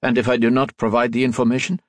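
A man's voice: medium pitch, level tone, fast talker, dry recording, voice pushed up, lightly acted. A man voicing a haughty, commanding middle-aged diplomat who scolds his servant, raised above his own register. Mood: tense.

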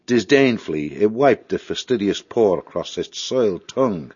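A man reading a storybook aloud in a steady, expressive voice. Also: fairly low pitch, normal speed, husky, no room sound, dull audio. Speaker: narrator. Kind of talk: storybook narration.

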